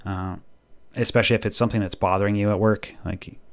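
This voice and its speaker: Man, podcast co-host, casual chat, slightly low voice, animated, laughs often. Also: fast talker.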